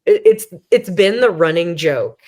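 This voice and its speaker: A woman in her thirties with a low, deep-set voice tells her story as a podcast guest. She talks candidly and self-deprecatingly, full of "um" and "like" and restarts, and voices her own past thoughts as little quotes. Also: lively intonation, unhurried, warm tone. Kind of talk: conversational storytelling.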